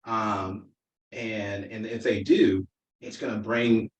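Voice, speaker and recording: A man's voice: on the low side, steady tone, takes it slowly, dull audio. A man and former political candidate, talking as an interview guest in an earnest, rambling storytelling way. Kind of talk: casual interview conversation. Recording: roomy sound from a distant mic.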